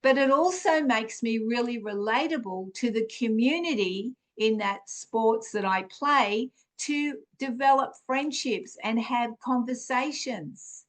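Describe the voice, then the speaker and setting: A woman's voice: fairly high pitch, measured pace, hardly any pauses. A woman hosting a podcast, giving an earnest, encouraging spiritual teaching talk, full of fillers and restarts. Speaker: podcast host.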